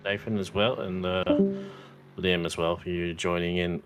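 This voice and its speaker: A man with a very low, croaky voice that sounds worn out, speaking in a relaxed, chatty way as a racing commentator. Music plays underneath him. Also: moderate pace. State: tired voice. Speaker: race commentator. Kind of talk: live sim racing commentary.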